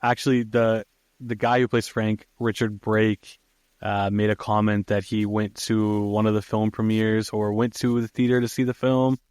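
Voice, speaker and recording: A man with a fairly low voice hosts a podcast and walks through a film scene by scene in a relaxed, chatty way. His talk is loose and full of ums and uhs. The sound is close and dry, with no room around it. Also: normal speed, clear, resonant tone, no echo. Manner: laid-back, lots of fillers like um and uh. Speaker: podcast host. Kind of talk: casual film recap chat.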